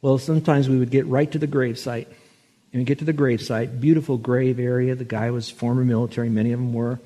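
A man preaching a sermon as a pastor, telling stories and slowing down with rising force when he quotes scripture. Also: flat delivery. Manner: storytelling, slows and rises in pitch and loudness for scripture.

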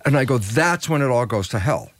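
An older man, a biologist guest in an interview, explaining ideas with lively storytelling and acted-out dialogue. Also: a little fast, no echo. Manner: acts out quoted dialogue, swings pitch widely for emphasis.

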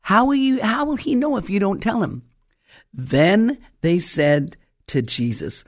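Dramatic preacher swinging from loud to whispered. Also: mid-range voice, expressive, a little slow. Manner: dramatic storytelling with rhetorical questions; reads scripture aloud, then breaks off to explain. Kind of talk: sermon.

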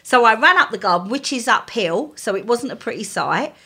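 A middle-aged woman spins a comic story on air, her voice climbing and dropping widely. She is a bit higher than most women and throws herself into the voices of the people in her tale. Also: brisk, slightly rough. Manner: animated storyteller, acts out quoted voices. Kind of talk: casual chat.

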